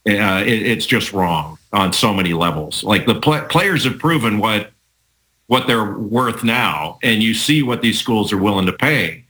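A man talking through a legal argument in a casual sports debate, measured with frequent restarts. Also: fairly low pitch, expressive, bright, forceful tone, low-quality recording.

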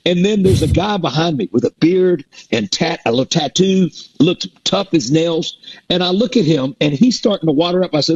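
A man's voice: fairly high pitch, moderate pace, breathy edge, muffled recording. A middle-aged man, a performer, telling rambling stories in a casual interview, with many restarts and fillers. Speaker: performer and guest. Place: performs a resident show in a Mississippi theater.

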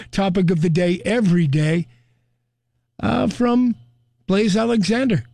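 An older man hosts a morning radio show, chatty and amused as he reads out what listeners wrote in. His voice sits high for a man and he takes his time. The sound is close and dry. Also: takes it slowly, gravelly, mellow, no room sound. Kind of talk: radio talk segment reading listener comments.

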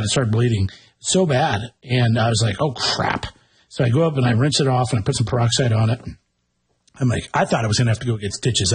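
A man's voice: mid-range voice, breathy edge. A man co-hosting a casual chat, joking and giving blunt opinions. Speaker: podcast co-host.

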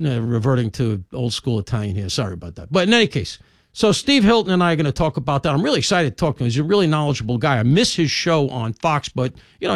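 Animated New man hosting talk radio. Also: fairly high pitch, no echo, clean studio sound. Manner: animated, emphatic, conversational with asides. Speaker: radio show host. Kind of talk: opinionated talk radio monologue. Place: radio studio.

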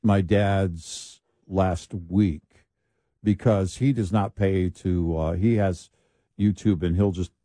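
Deep, mellow man, dry close sound. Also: steady tone, no room sound. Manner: listens with short agreements, unhurried. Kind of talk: casual chat.

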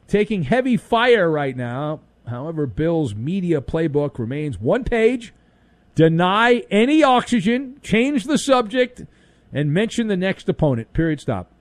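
A man's voice: fairly high pitch, darkish tone, dry recording. A man hosting an overnight sports talk radio show, delivering a sarcastic, punchy monologue into a studio microphone.

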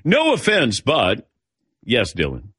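A man's voice: mid-range voice, huge pitch swings, slow pace, fairly bright tone, breathy edge, no room sound, studio quality. A middle-aged man hosting a sports radio show, telling stories and chatting casually with his crew between points. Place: radio studio.

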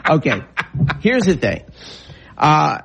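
Male co-host, drawl, husky, loose rambling banter. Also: a little high, huge pitch swings, slow, a bit bright, muffled recording. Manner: rambling, full of fillers and restarts. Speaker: radio talk show co-host. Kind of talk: casual talk radio banter.

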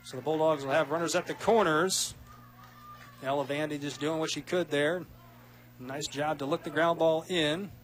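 A man doing play-by-play radio commentary of a softball game, quick and rising with big plays. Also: on the high side, steady tone. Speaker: play-by-play announcer.

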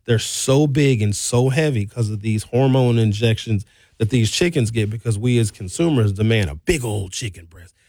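A man, hosting a talk show and delivering an opinionated, animated monologue with blunt, sarcastic asides. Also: on the low side, normal speed, no echo. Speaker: radio talk show host.

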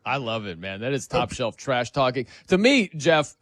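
A male sports radio host bantering with his co-hosts in an animated way. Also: medium pitch, normal speed, slight background noise.

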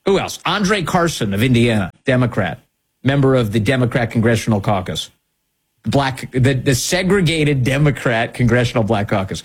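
A husky-voiced man hosting a commentary show, pressing his points with sarcasm and indignation. His pitch swoops up and down in lively leaps as he hammers each line home. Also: normal speed. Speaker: political commentary host. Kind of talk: opinion monologue.

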